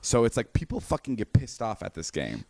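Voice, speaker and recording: A young man telling a story in casual podcast chat, animated and swearing a lot, with many fillers and restarts. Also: on the low side, a little fast, gravelly, dry recording. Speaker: podcast guest.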